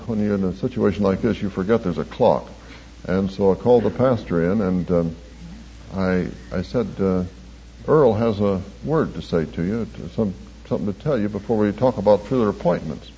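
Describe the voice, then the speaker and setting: A man, a church counselor, telling the story of a counseling session in a measured, earnest way. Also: on the low side, warm tone. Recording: dull lo-fi recording with faint hiss.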